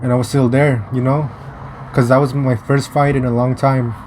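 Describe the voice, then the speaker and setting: A young man from the United States telling a personal story in a casual vlog, halting and restarting often, blunt and profane. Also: mid-range voice, level tone, darkish tone, slight background noise. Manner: rambling, halting with many restarts and fillers.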